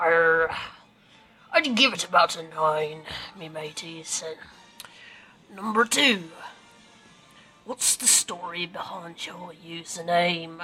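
A woman working her way through a casual questionnaire, slow and full of ums and small laughs. Her voice is bright and a touch low. Now and then she slips into a jokey pirate voice, with faint music playing behind her. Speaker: audio creator answering a questionnaire. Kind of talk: casual chat.

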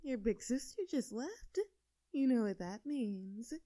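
A woman's voice: fairly high pitch, lively intonation, slow pace, warm tone, dry recording, studio quality. A woman voicing a bold, crude and taunting young woman in an audio role-play. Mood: teasing. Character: bold teasing young woman, sister's friend.

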